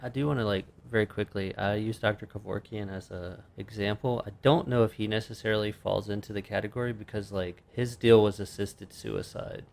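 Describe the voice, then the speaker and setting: A man's voice: fairly low pitch, fairly even intonation, fairly quick, vocal fry, hardly any pauses, darkish tone. A young adult man co-hosting a podcast in casual chat, speaking informally with lots of fillers. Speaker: podcast co-host.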